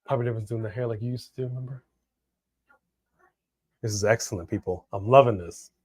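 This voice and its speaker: Excitable man giving live commentary. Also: mid-range voice, fast talker. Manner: excitable, bursts of loud exclamations. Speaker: co-host of a wrestling watch-along.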